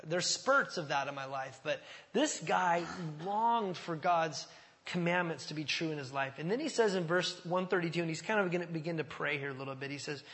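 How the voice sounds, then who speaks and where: A man's voice: fairly high pitch, brisk, fairly bright tone, big-room sound. A man preaching a sermon, talking in a conversational way and asking the congregation questions. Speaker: pastor.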